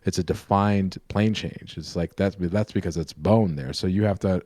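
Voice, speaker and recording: A man with a deep, low voice chats about art on a live painting stream. He explains in loose, winding sentences that keep restarting. The sound is close and dry. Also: moderate pace, dark tone, dry recording. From New York. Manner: rambling, self-correcting explainer. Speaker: co-host, painter and drawing teacher. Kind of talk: casual live-stream chat.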